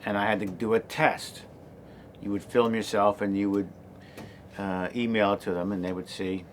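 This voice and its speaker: An older man in his sixties recounts his own path in a relaxed, conversational way. His voice sits a little low. He rambles, restarts sentences and fills pauses with ums and you-knows. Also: a little hiss or hum. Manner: rambling, many fillers and restarts. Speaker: actor and creator telling his story. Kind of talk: casual personal storytelling.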